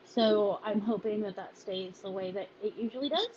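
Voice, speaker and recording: Emotional woman, halting and teary. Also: medium pitch, a little mellow, highs cut off, slight background noise. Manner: halting, teary, many restarts. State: emotional, close to tears. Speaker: founder of a volunteer group. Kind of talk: emotional personal video message.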